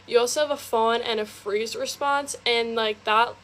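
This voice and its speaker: A woman's voice: on the high side, steady tone, moderate pace, fairly bright tone. A young woman in her student years telling a personal storytime, rambling with lots of fillers. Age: young adult. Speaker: TikTok storyteller. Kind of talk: casual storytime confession.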